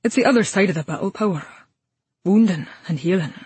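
Calm protective male warrior, read by a woman. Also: mid-range voice, brisk, breathy edge, dry recording. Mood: calm concerned. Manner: calm, concerned, matter-of-fact.

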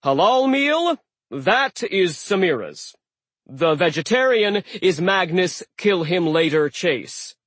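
A male narrator doing an ancient sea giant god who booms his commands in a raised, husky voice and swings between genial hosting and pompous threats. He speaks slowly and grandly, as in a storybook. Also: very animated, a bit bright, dry recording, heavily acted.

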